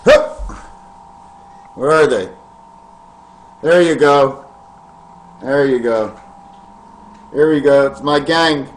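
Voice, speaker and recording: A man vlogging in a meandering, free-associating monologue to camera, with sudden loud bursts. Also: medium pitch, takes it slowly, pauses often.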